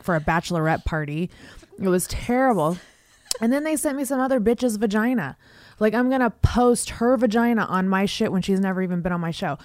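A woman's voice: mid-range voice, a little mellow, no echo, studio quality. A young woman hosting a podcast, chatting casually, swearing a lot and laughing often, and reading ads. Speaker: podcast host. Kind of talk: casual podcast chat and read ad.

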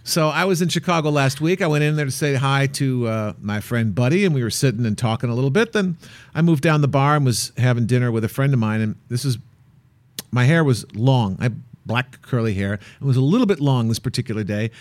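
A man co-hosting a travel show, chatting casually and telling an animated, playful anecdote. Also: medium pitch, a little fast, no echo. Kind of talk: casual chat.

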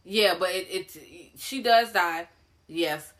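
A young adult woman co-hosting a podcast, chatting frankly and profanely while telling animated stories. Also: fairly low pitch, slow. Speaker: podcast co-host. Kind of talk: casual chat.

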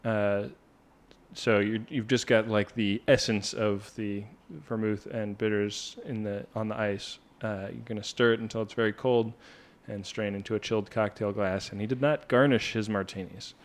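A man's voice: on the low side, fairly even intonation. A man co-hosting a podcast, chatting casually and reading out cocktail recipes with frequent laughs. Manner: reads cocktail recipes slowly, laughs often. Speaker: podcast co-host.

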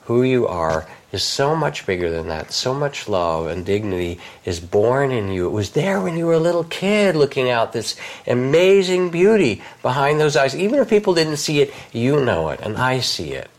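Gravelly older man, soft guided reflection, unhurried with warm lifts. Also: mid-range voice, big pitch swings. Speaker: meditation teacher guest. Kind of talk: gentle guided reflection in conversation.

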